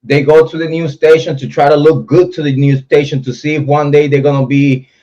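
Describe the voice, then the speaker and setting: A man's voice: a little high, level tone, a little fast, mellow. A man hosting a casual livestream, reading viewer comments and ranting about other content creators. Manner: talks straight to chat, reads comments, ranting. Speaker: livestream host. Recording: dull lo-fi stream audio.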